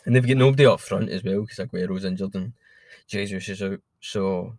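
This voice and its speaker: A man's voice: deep voice, fairly quick, a little mellow, no room sound. A man co-hosting a football podcast, talking bluntly with lots of swearing. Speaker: podcast co-host. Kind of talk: casual football chat.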